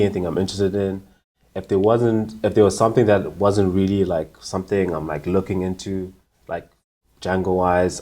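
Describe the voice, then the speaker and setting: Deep-voiced young man from Zimbabwe. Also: darkish tone. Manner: thoughtful, easygoing, lots of "like". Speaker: guest, conference organizer. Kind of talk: casual interview answers.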